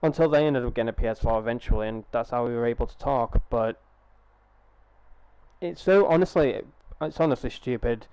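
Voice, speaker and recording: A man's voice: medium pitch, brisk, warm tone, smooth, no echo, muffled recording. A young man chatting casually on a live gaming stream through a headset, rambling, swearing freely and restarting his sentences.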